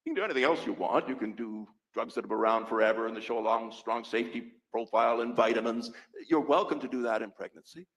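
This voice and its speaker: A man's voice: medium pitch, quick pace, few pauses, fairly bright tone, low-quality recording. An older man, a physician, giving earnest, emphatic testimony at a public hearing. He is a little out of breath and repeats key points for stress.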